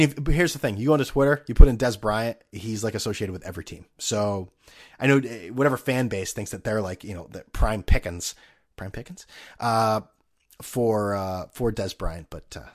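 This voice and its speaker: A man hosting a casual solo podcast, rambling and sarcastic with plenty of profanity. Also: on the low side. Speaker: podcast host.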